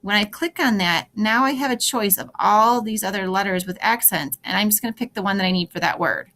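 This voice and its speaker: Speaking at a medium pitch and a fairly quick pace, a French teacher talks her students step by step through a screen-recorded tutorial, with practical, upbeat guidance. Her tone is fairly bright, and a little hiss or hum can be heard.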